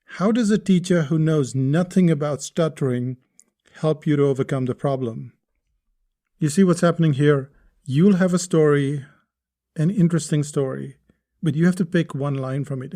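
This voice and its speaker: A man's voice: a little high, normal speed, mellow. A man hosting a podcast lesson on writing, explaining step by step and posing rhetorical questions to the listener. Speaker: podcast host teaching writing.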